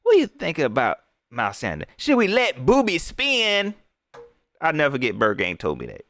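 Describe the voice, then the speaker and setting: A young man hosting a live stream, chatting casually and giving loose, slangy shout-outs to viewers. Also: fairly high pitch, moderate pace. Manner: loose, slangy, rambling, lively.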